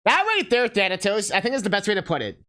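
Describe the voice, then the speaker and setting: A man's voice: sits high, huge pitch swings, quick pace, pushed and bright. A male livestreamer chatting casually while playing a game, rambling with lots of fillers and swearing freely. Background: game music.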